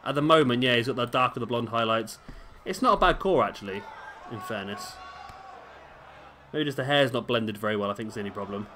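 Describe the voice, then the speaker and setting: A man's voice: medium pitch, fairly quick, pauses often, bright, forceful tone. Male game commentator, everyday mid-range voice, chatty and musing, faint hiss behind. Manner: rambling, self-questioning, chatty. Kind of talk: casual play-by-play commentary.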